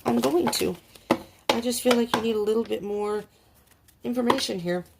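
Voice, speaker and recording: A woman's voice: a little high, normal speed, creaky, heavy background noise. A woman giving a casual tarot reading for her viewers, rambling and emotional, often talking to herself as she turns over cards. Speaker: tarot reader.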